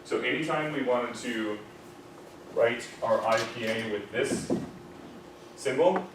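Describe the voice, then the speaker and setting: A man's voice: mid-range voice, takes it slowly. A man with an American accent teaching a diction class, demonstrating words and correcting students' pronunciation. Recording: echoey classroom, distant mic, background noise.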